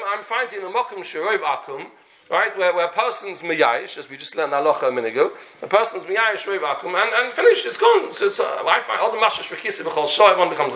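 A man's voice: sits high, expressive, fast talker, pushed and bright. A man telling a long story in a Torah lecture, acting out the characters and sprinkling in Yiddish and Hebrew terms. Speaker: Torah teacher.

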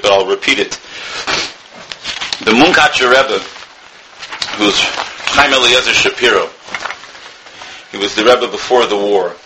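A man's voice: on the low side, noisy background. A man giving an earnest Torah talk as a rabbi, telling a story and sprinkling in Hebrew and Yiddish words.

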